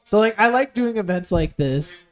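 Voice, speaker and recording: A man with a notably high voice talks through plans on a casual podcast. He rambles eagerly, filling the gaps with fillers as he lays out games and set-up. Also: normal speed. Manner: excited planner, rambling with fillers. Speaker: podcast co-host. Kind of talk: casual chat.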